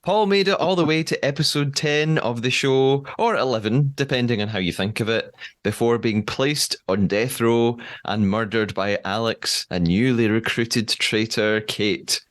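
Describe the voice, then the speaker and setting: A young man hosting a podcast, reading a scripted intro and then interviewing a guest with quick laughs. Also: medium pitch, dry recording, clean studio sound. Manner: upbeat, laughs often. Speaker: podcast host.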